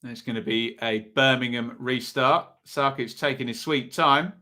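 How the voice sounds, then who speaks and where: A man's voice: mid-range voice, a little slow, bright, forceful tone. A man with an East Anglian accent hosting a live football watch-along, giving chatty running commentary and reacting to viewers in the chat.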